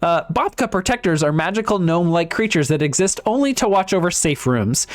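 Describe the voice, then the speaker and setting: A man's voice: fairly high pitch, animated, normal speed, hardly any pauses. A man co-hosting a casual book discussion podcast who reads passages aloud and reacts hesitantly, with frequent ums and laughter. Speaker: podcast co-host.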